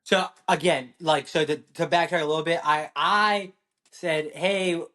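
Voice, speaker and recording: A man's voice: fairly high pitch, normal speed, bright, forceful tone. A man from Queens, a podcast guest, telling his army story in a rambling, self-correcting way. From Queens, New York City. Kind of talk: casual interview chat.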